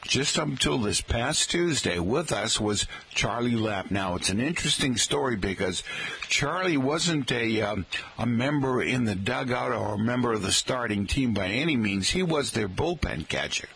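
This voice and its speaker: A man's voice: medium pitch, lively intonation, moderate pace, vocal fry, a bit bright, slightly rough, rough recording. A man hosting a talk radio show, rambling through anecdotes with chatty asides to his listeners. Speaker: radio host.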